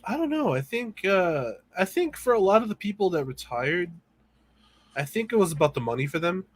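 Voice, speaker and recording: A man's voice: sits high, big pitch swings, moderate pace. Laid-back, profane male podcast co-host. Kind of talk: casual chat.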